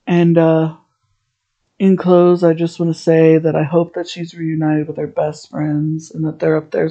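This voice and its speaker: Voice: medium pitch, warm tone, muffled recording. A podcast host giving a heartfelt, rambling solo monologue.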